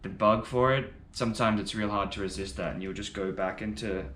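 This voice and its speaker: A man's voice: lowish voice, steady tone, fairly quick, a bit bright, reverberant. A man giving casual, enthusiastic first-reaction commentary on music, rambling a little and swearing now and then. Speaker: music reaction video host.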